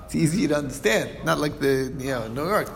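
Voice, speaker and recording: Halting man teaching in a reverberant hall. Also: fairly high pitch, animated, creaky. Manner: halting, many fillers and restarts, chuckles at own examples. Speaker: Talmud teacher. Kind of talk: informal lesson.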